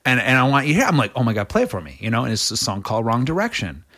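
Middle-aged male rock singer, interview guest, bright and forceful tone, loose rambling storyteller. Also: sing-song, racing. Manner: rambling, many restarts, acts out quotes in a much higher voice. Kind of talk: animated casual interview storytelling.

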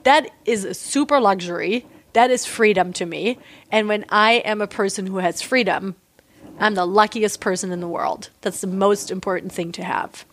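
A woman in her forties from Germany talks frankly and with emphasis as an interview guest. Her voice sits at an ordinary middle pitch, and she often fills pauses with small hesitations. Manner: candid and emphatic, many fillers. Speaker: interviewee, artist. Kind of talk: casual conversational interview.

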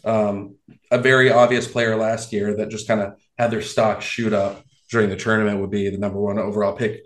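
Male podcast host, lower voice, animated delivery, roomy echoey recording. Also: fairly quick. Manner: animated, laughs often, restarts words. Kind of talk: casual podcast chat. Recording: roomy echo.

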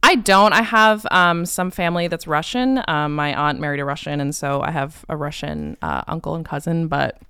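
A young woman, a comedian, chatting as an interview guest in a lively, laughing way. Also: low voice, clean tone, no echo, studio quality. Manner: chatty, laughing, quick asides. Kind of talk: casual interview chat.

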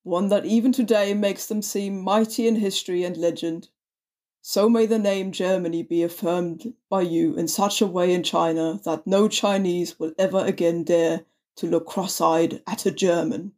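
A woman's voice: on the low side, fairly even intonation, normal speed, darkish tone, lightly acted. A woman reading out a blustering male emperor's war speech in a declaiming, oratorical manner.

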